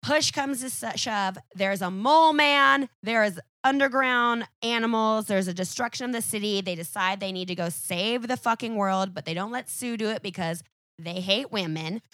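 A woman chatting as a podcast guest, telling a story in a profane, animated way and acting out each character. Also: mid-range voice, moderate pace, no echo, clean studio sound. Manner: animated, profane retelling that acts out every character. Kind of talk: casual podcast chat.

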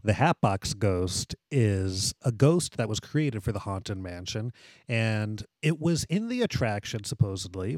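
A man's voice: lowish voice, a little mellow, no echo. A man co-hosting a casual podcast, explaining theme park history in an informative way. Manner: mock-spooky ghost host impression at the start, then plain informative talk. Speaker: podcast co-host.

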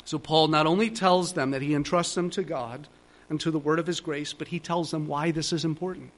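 A man preaching a Sunday sermon, his voice pitched high for a man. He pleads earnestly, repeats key phrases for emphasis and swells toward insistence. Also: steady tone, fairly quick. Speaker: pastor.

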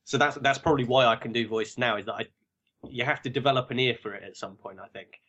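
A man's voice: mid-range voice, fast talker, fairly bright tone. An English man, a podcast guest, chatting casually in a self-deprecating way with frequent restarts. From England. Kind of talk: casual chat.

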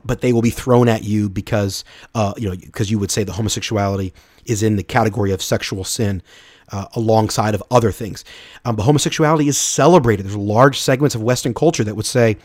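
A man's voice: medium pitch, dry recording. Earnest man with a dry voice. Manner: earnest, restarts and repeats words often. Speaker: podcast host. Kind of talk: unscripted Bible teaching talk.

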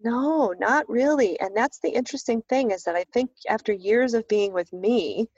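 A woman's voice: on the high side, normal speed, slightly rough, no room sound. A woman guest telling a story in casual conversation, acting out the voices of the people she quotes. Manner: animated, acts out quoted voices. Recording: dull lo-fi dry recording.

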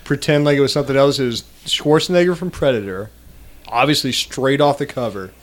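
A man on a casual podcast, loud and joking, quick to apologize after a crude line. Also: mid-range voice. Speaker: podcast co-host.

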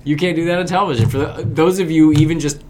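A man co-hosting a podcast in casual banter, making teasing, deadpan jokes. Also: on the high side, fast. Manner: jokey, teasing, deadpan one-liners. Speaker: podcast co-host.

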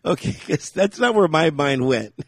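A man's voice: a little high, animated, moderate pace, dry recording, clean studio sound. A man co-hosting a podcast in casual chat, telling rambling stories, laughing often and acting out what people said. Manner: rambling storyteller, laughs often, acts out quotes. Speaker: podcast co-host.

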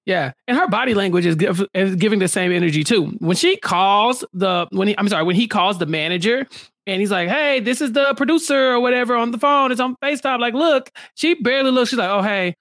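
A man's voice: high voice, brisk, no room sound. Playful slangy man, dry close sound. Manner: animated, playful, slangy, acts out quotes. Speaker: podcast co-host. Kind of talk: casual recap chat.

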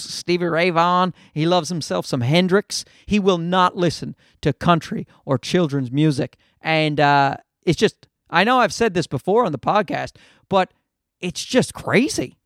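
A comedian in his forties rants through a casual podcast monologue, swearing heavily and mocking the voices of people he quotes. His voice is a little high and unhurried, captured as clean studio sound with no room sound.

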